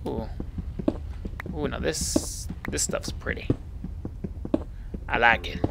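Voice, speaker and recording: Man, let's play commentary, unhurried, exasperated outbursts, background hiss. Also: mid-range voice, gravelly. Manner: chatty, flares into exasperated yelling at enemies. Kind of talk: gameplay commentary.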